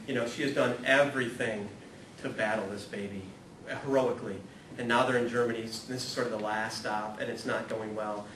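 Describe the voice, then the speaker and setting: A man gives a lively, self-mocking talk to an audience and shifts into reading passages aloud. His voice carries through a reverberant room, picked up from some distance. A low rumble of noise sits underneath. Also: brisk. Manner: animated, self-deprecating storyteller, laughs often. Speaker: speaker at a ministry talk series. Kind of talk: humorous spiritual talk with read-aloud passages.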